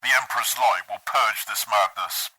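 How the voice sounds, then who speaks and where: A man voicing a stern, grim warrior chaplain who speaks in a slow growl. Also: fairly low pitch, pushed and bright, breathy edge, no room sound, full character voice.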